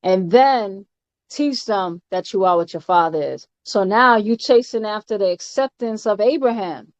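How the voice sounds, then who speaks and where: A woman's voice: medium pitch, no echo. Emphatic woman teaching, dull dry recording. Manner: emphatic, often ends points with "all right?"; halting, with frequent fillers and repeated words. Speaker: spiritual teacher. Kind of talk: informal doctrinal teaching.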